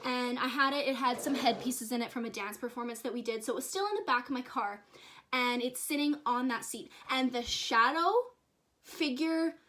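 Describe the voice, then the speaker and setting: Young woman vlogger, kinda high voice, chatty and excitable, casual storytime energy. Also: moderate pace. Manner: excitable, chatty, lots of "like" and "you guys". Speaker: vlogger and dance teacher.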